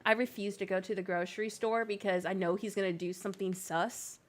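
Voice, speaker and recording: Young woman, casual gaming chat, giggly, animated storyteller. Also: mid-range voice, brisk. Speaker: streamer and co-host.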